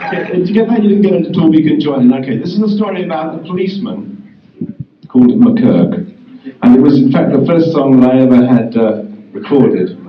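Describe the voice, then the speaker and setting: A man's voice: medium pitch, expressive, fairly quick, a little hiss or hum. An English man, a guest singer-songwriter, chatting wryly with a convention crowd between songs and mocking himself. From England. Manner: wry, self-mocking, laughs at himself. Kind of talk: chatty stage patter between songs with guitar. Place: convention hall stage. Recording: roomy, distant, dull old tape of hall. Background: guitar playing.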